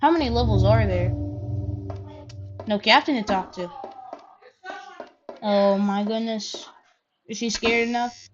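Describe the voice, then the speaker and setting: A woman's voice: on the high side, unhurried, pauses often. A woman giving let's-play commentary, thinking aloud, counting under her breath and swearing freely. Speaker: gaming channel host. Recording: slightly dull audio with loud game music.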